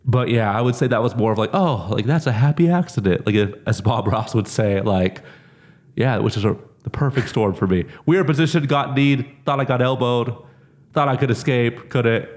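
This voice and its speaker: A man's voice: mid-range voice, moderate pace. Chatty man telling fight stories. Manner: relaxed, heavy use of "like", lively when telling stories. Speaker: MMA fighter, interview guest. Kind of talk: casual interview chat.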